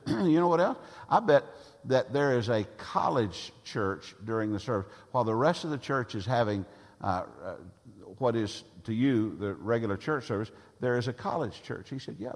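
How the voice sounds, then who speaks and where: A man's voice: medium pitch, lively intonation, normal speed. A man preaching a sermon as pastor, emphatic and repeating phrases for effect. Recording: long reverb of a large hall.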